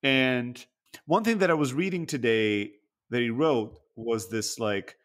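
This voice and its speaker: A man's voice: mid-range voice, a little slow. A man co-hosting a podcast, talking candidly and introspectively in casual chat, swearing freely. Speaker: podcast co-host.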